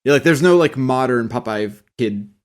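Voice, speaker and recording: A man's voice: mid-range voice, animated, moderate pace. Opinionated man riffing on a podcast. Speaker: podcast co-host. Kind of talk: casual chat.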